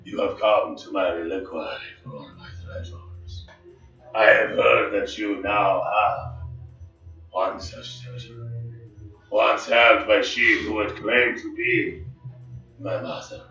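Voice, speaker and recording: A man doing a slow, cold vampire lord. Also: on the low side, gravelly, sharp tone, voice pushed down, exaggerated voice. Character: menacing ancient vampire lord, male, imperious. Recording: echoey room, far from mic, dull.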